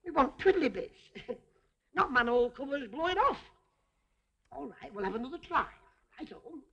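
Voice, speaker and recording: High, lively comic woman coaxing a teddy. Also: normal speed, dull audio, a little hiss or hum. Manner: fussing, coaxing, chatty, laughing often. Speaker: comic entertainer. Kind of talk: stage comedy routine with a teddy bear.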